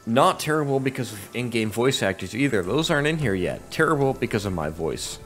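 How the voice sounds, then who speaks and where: A man's voice: mid-range voice, big pitch swings, a little fast, a bit bright, soft background music. A man giving casual, rambling let's-play commentary on a game. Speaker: gamer.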